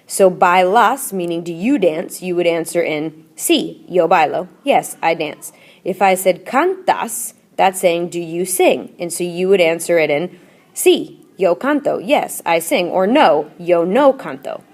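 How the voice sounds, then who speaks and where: A woman's voice: fairly low pitch, expressive, unhurried, darkish tone. A woman teacher in a recorded classroom video lesson, explaining patiently and repeating drills and chants. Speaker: Spanish teacher.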